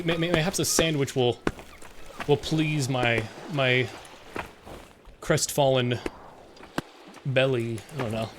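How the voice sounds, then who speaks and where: Male streamer, slightly high voice, rambling, self-mocking commentary. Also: background noise. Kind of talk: casual gameplay commentary.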